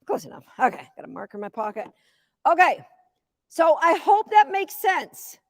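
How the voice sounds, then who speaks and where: A woman in her fifties, a dog agility coach giving a live teaching demo, chatty and energetic, cheering the dog on. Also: high voice, normal speed, vocal fry, no echo, clean studio sound.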